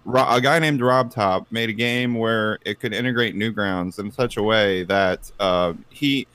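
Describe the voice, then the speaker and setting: A man's voice: unhurried, fairly bright tone, smooth, dry recording. A man telling a story on a casual group podcast, rambling with lots of fillers and restarts. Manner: puts on silly high cartoon voices.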